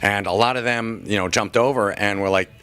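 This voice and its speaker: A man's voice: fairly low pitch, a little fast, a bit bright, clear, resonant tone. A man working in a comic shop, answering interview questions in a chatty, joking way, with frequent restarts. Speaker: comic shop worker and podcaster.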